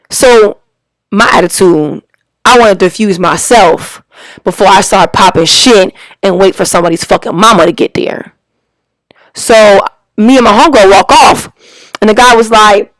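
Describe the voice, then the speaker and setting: A woman and parent tells a storytime as an angry, profane rant. Her talk is slangy and emphatic, and it jumps up in pitch at the peaks. The sound is dry and close, with no room echo. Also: expressive, moderate pace. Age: adult parent. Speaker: storyteller vlogger.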